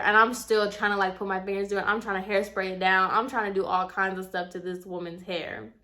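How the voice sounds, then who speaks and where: A woman's voice: mid-range voice, moderate pace. A young woman chatting casually to her viewers, telling a story and acting out what people said. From Puerto Rican heritage. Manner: chatty, animated, addresses viewers as y'all, acts out quotes. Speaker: vlogger.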